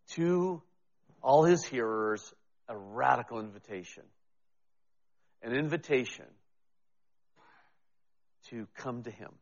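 A man's voice: medium pitch, in a large hall, highs cut off. A man preaching a sermon as pastor, talking in a conversational, self-deprecating way with frequent restarts.

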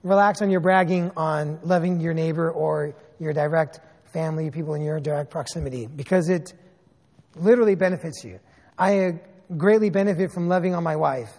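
High-voiced preacher in a reverberant hall. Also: male voice, fairly quick. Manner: animated storytelling with sarcastic asides. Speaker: pastor. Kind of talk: sermon.

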